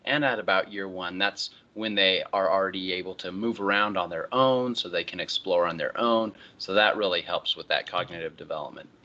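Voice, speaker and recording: A male college instructor giving a relaxed, conversational online lecture, often moving on with "all right, so.". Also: deep voice, brisk, hardly any pauses, lo-fi sound. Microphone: computer microphone.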